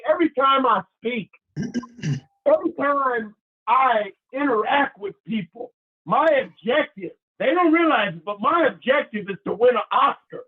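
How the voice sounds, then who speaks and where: A man giving a motivational talk, animated and preacherly, leading his listeners in call and response and telling stories. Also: very high-pitched, husky. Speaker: motivational speaker. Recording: tinny phone-line sound.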